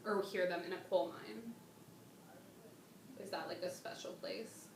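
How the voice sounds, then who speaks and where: A woman hosting a casual chat with a guest, slangy and excitable, often trailing off and restarting. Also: lowish voice, unhurried, far from the mic. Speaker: channel host. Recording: echoey room, off-mic, faint noise.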